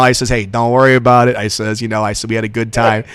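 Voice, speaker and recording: A man's voice: lowish voice, flat delivery, fast talker, fairly bright tone, clean tone, no room sound. A man hosting a radio show, chatty and enthusiastic, telling stories to his guest. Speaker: radio host. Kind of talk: casual radio interview.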